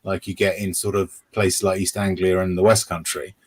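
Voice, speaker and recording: Man, husky voice, relaxed podcast guest, joking and chatty. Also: sits low, normal speed, rough recording. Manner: chatty, jokes about doing accents. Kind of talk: casual chat.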